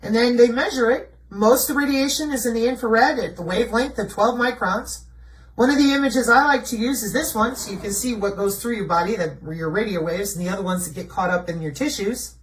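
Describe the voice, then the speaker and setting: Her voice sits a little high, and the mic is distant, leaving the audio poor. She's a video presenter delivering conspiracy commentary over slides, bluntly mocking and supplying the answers to her own rhetorical questions.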